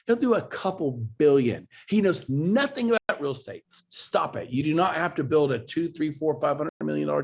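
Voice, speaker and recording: Brief: a husky-voiced male real estate coach on a video call, pushy and emphatic, building to exclamations. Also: on the high side. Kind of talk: motivational webinar talk.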